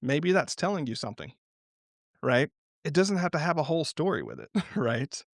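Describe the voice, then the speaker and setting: A man talking as a guest in an unscripted podcast conversation, telling stories in a reflective but animated way and often laughing. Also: on the high side, moderate pace, vocal fry, no echo, studio quality.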